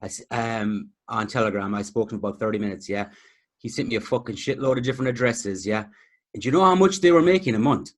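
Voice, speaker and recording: Fast-talking blunt man. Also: mid-range voice. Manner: blunt, tags sentences with "yeah?". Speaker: podcast guest. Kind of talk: casual chat.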